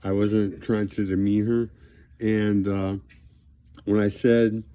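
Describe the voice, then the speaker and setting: A man with a low, monotone voice talks straight to the camera in a long, rambling monologue. His delivery swings between loud declarations and low mumbling. The sound is dry and close. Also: slow, pauses often, smooth, no echo. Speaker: vlogger addressing a celebrity.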